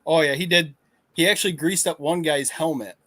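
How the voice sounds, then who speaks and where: Casual man, a bit high-pitched, laid-back crude banter. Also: a little fast, pushed and bright. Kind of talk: casual podcast chat.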